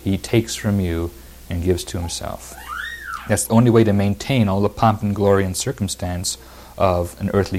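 Man preaching, low voice, reads scripture then drives points home with repetition. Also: creaky, a little mellow, slight background noise. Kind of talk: verse-by-verse sermon.

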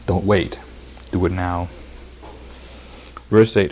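A man's voice: fairly low pitch, normal speed, a little mellow. A man preaching a verse-by-verse sermon, reading scripture aloud and explaining it with emphatic repetition.

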